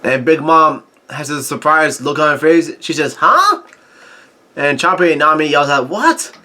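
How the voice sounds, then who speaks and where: A man casually recapping a comic chapter as a channel host, halting often with fillers and tossing in crude asides. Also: fairly high pitch, steady tone, bright, forceful tone.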